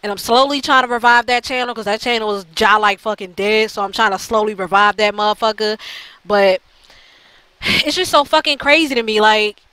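A woman's voice: mid-range voice, fairly even intonation, moderate pace, bright, forceful tone, clear, resonant tone, no echo, rough recording. A woman ranting bluntly in a heated, profane monologue to her channel, full of fillers and restarts. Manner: blunt, heated, heavy swearing; frequent fillers and repeated restarts. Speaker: channel host.

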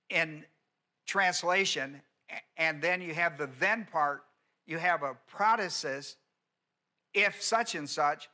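A man preaching a teaching sermon, his voice bright and ringing and set a little higher than most men's. He presses each point by repeating it and keeps asking the congregation questions. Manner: emphatic teaching, repeats key words, asks the congregation questions. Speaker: pastor. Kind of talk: expository sermon.

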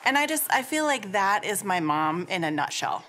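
A woman giving a heartfelt, conversational eulogy for her mother, pausing and restarting as she speaks. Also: medium pitch, very animated, pushed and bright, a little hiss or hum. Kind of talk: personal memorial tribute.

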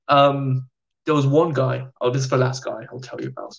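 A young British man in casual conversation as a podcast guest, telling anecdotes in an animated way and acting out the people in them. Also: medium pitch, a little fast, creaky, lo-fi sound. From United Kingdom. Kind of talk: casual storytelling.

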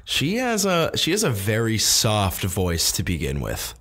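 A man's voice: fairly low pitch, huge pitch swings, measured pace, a bit bright. A man co-hosting a podcast, casually chatting about films, laughing often and swearing freely. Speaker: podcast co-host. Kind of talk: casual film review chat.

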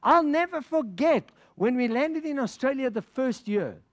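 In a very high-pitched voice with lively intonation and a measured pace, a middle-aged African pastor preaches a sermon. Passion and laughter fill his stories, and he voices the words of the people in them.

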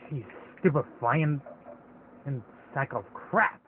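A man's voice: medium pitch, slow pace, a little hiss or hum. A man casually commenting while playing a video game, rambling and stopping himself mid-thought. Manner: rambling, hesitant, chatty. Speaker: let's play host. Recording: tinny phone-like audio with game music.

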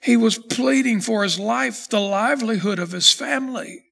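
A man preaching a sermon as pastor, reading scripture slowly and then building in intensity. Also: very high-pitched, vocal fry, a bit bright.

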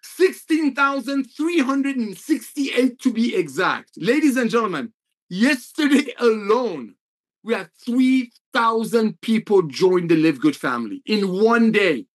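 Man, company executive, motivational update, emotional, excitable, lively swooping delivery. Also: high-pitched, measured pace. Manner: emotional, excitable, repeats figures for emphasis. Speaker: network marketing company executive.

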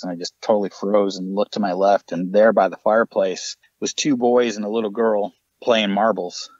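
Low-voiced man telling ghost stories. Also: no room sound, highs cut off. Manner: animated anecdotes with acted-out quotes. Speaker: paranormal investigator guest. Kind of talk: casual podcast storytelling.

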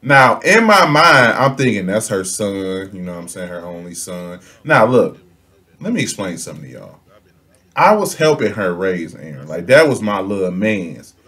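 A man's voice: sits low, moderate pace. A young man telling a comedic storytime on his own channel, slangy and laughing, acting out the people in his story. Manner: animated, laughing, slangy, acts out quotes. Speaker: storytelling vlogger.

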